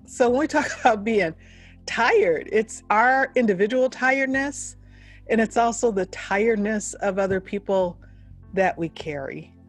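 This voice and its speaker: A woman's voice: fairly high pitch, measured pace, soft background music. A woman who leads a university, speaking in an earnest, reflective way during a heartfelt panel discussion. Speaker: university leader.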